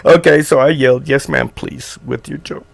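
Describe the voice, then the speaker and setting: A man's voice: mid-range voice, fairly even intonation, normal speed, vocal fry, no room sound. A man at home in a casual group chat, laughing a lot and swearing while he drawls along. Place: home in the mountains.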